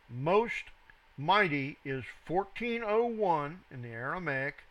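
Slow, bright-voiced man reading scripture. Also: low-quality recording. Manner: reads scripture aloud with rising emphasis, then cites reference numbers in a low aside. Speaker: Bible teacher. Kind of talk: verse-by-verse scripture reading and commentary.

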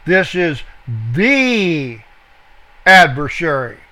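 A man teaching a verse-by-verse Bible study, slow and deliberate, pausing to spell out words and correct himself. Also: fairly high pitch, sing-song, pushed and bright.

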